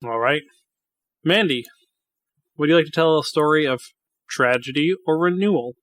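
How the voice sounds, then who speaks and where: A man as game master, running a tabletop game with a relaxed, joking manner. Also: fairly high pitch, normal speed, no echo.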